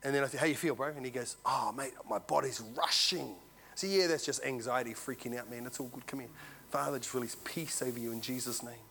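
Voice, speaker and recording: A man preaching a sermon, telling a story and swinging from loud to hushed. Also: mid-range voice, fast, gravelly, slight background noise. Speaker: visiting preacher.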